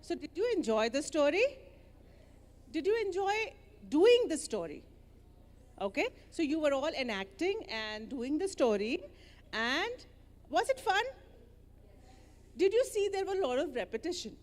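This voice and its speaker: A woman leading children through an interactive story, animated and coaxing as she gives playful directions. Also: high voice, a little slow, long pauses, big-room sound.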